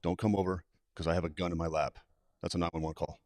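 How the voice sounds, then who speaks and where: Middle-aged male trainer, low voice, rapid delivery, straight-talking. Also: flat delivery, darkish tone, no room sound, studio quality. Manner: direct, plain-spoken, practical. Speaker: suicide prevention trainer, guest. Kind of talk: live webcast talk.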